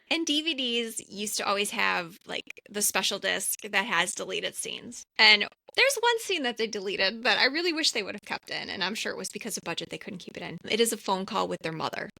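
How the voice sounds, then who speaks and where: A woman's voice: medium pitch, creaky, no echo. A woman co-hosting a film rewatch podcast, animatedly recapping the movie in casual chat. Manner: animated storyteller, chatty. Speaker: podcast co-host.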